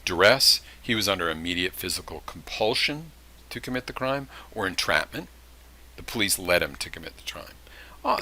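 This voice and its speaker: Low-voiced and delivering in a pushed, bright way, this man teaches criminal justice on a recorded lecture. His manner is conversational, full of asides and little examples he acts out.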